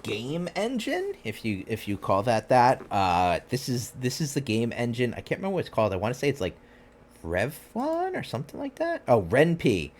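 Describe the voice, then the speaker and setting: A man's voice: medium pitch, wildly swooping pitch, normal speed, a little hiss or hum. A man streaming a visual novel, chatting and joking in a rambling way between lines. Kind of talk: live game commentary, reading a visual novel. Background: game music.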